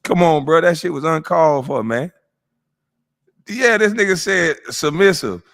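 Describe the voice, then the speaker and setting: A man's voice: fairly high pitch, animated, a little slow, creaky, a bit bright. A man streaming live who reacts to a clip with mocking, heavily profane commentary, laughing often.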